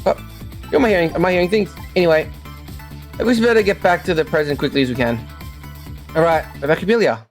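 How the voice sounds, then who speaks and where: A woman's voice: on the low side, fast talker, pauses often, soft background music. A woman streamer casually playing through a game, reading its lines aloud and muttering asides.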